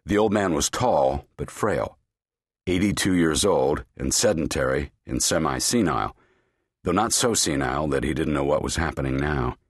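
A man narrating a thriller audiobook in a measured, grave reading. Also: extremely low pitch, lively intonation, dry recording, studio quality.

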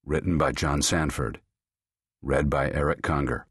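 A man narrating a thriller audiobook in a measured, grave reading. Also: a bass voice, fairly even intonation, slightly rough, no echo, studio quality.

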